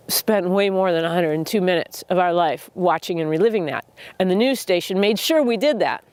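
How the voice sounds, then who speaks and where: A woman hosting a wellness talk, speaking earnestly and reflectively to camera with pauses and restarts, audibly emotional. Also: on the low side, a little mellow, clean tone, no echo. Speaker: host.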